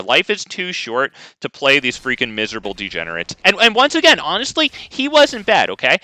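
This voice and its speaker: A man's voice: medium pitch, pushed and bright, dry recording. A man streaming a card game, ranting casually and talking to his chat. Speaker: gaming streamer. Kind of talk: casual live gameplay commentary.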